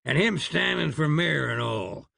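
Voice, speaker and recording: A man's voice: on the high side, lively intonation, measured pace, creaky, bright, forceful tone, no echo, clean studio sound, heavily acted. A man voicing a wry frontier gunman who speaks in a drawl.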